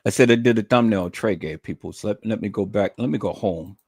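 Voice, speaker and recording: A man's voice: on the low side, fast, gravelly, darkish tone, husky, no room sound, studio quality. A man ranting on a livestream, profane, mocking and repetitive. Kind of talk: livestream rant.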